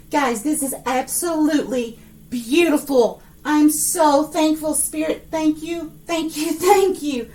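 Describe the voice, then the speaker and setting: A woman giving a monthly tarot reading to her viewers, excitable, filling her talk with fillers and pausing to address a spirit. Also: sits high, recorded from a distance. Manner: excitable, breathless outbursts, many fillers; speaks to an unseen spirit. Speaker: psychic tarot reader.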